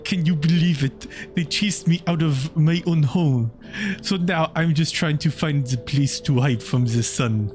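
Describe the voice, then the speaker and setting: A man's voice: on the high side, measured pace, a little mellow, faint music behind, pitched below the performer's own voice, close to an everyday voice. A man voicing a displaced man in a game, reading his lines in a fake French accent. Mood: wry. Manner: hammy, self-mocking. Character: gruff man from France, chased from home. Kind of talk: reading game dialogue aloud.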